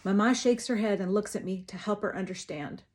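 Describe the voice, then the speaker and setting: A woman author reading the first chapter of her novel in an expressive, dramatic voice. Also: medium pitch, fairly quick. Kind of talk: first-person book reading, then casual talk to viewers.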